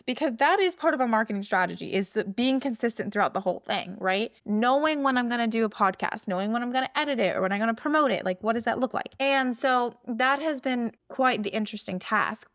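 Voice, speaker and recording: A woman hosting a podcast, talking casually and chattily, full of "like" and "okay?" checks. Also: mid-range voice. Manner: chatty, filler-heavy, with many "like"s and "okay?"s. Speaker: podcast host. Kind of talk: casual solo podcast talk.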